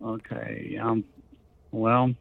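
A man's voice: lowish voice, level tone, very slow, vocal fry, phone-quality sound. A man answering a prank call, confused and repeatedly asking what was said. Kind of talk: phone conversation.

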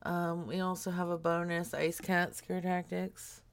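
A woman's voice: fairly low pitch, monotone, measured pace, very noisy. A woman hosting a show of prank calls, introducing clips in a laid-back way. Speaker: radio show host.

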